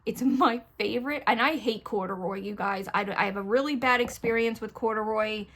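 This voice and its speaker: Fairly high-pitched, fairly quick and fairly bright, a middle-aged woman's voice carries a candid, chatty get-ready-with-me session. The beauty vlogger is at home doing her makeup, looking straight into the camera, rambling through stories and turning to her viewers again and again.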